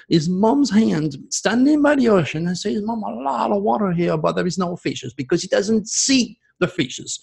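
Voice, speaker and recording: Gravelly, husky man ranting to camera. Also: high voice, darkish tone, low-quality recording. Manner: emphatic and preachy, keeps asking "okay?". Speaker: astrologer hosting his own channel. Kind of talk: ranting solo monologue to viewers.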